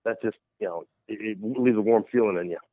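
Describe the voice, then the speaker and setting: A man's voice: lowish voice, fairly quick, dry recording. Man telling a story over a tinny phone line. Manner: animated storyteller who acts out quoted voices. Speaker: paranormal investigator guest. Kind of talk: storytelling in a radio interview.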